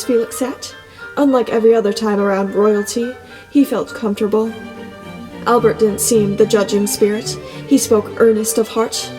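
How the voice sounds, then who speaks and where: Female audiobook narrator with a steady, flat delivery, recorded in a reverberant space. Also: mid-range voice, moderate pace. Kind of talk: scripted storybook narration. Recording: long reverb, soft music beneath.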